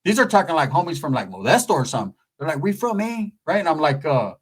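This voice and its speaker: A man from California's Central Valley telling a profane comedic story, animated and constantly asking "right?". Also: fairly high pitch, quick pace, breathy edge.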